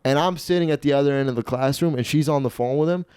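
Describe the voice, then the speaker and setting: A man's voice: a little high, fast talker, darkish tone, smooth, no room sound, clean studio sound. A man in his twenties hosting a podcast, telling a rambling, profane story and acting out the people in it. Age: 20s. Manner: rambling, profane, acts out quoted voices. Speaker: podcast host. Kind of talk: casual storytelling.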